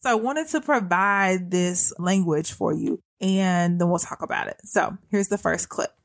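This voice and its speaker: A woman's voice: fairly low pitch, a little slow. A young adult woman hosting a faith-based podcast, talking earnestly and conversationally to her listeners. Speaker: podcast host.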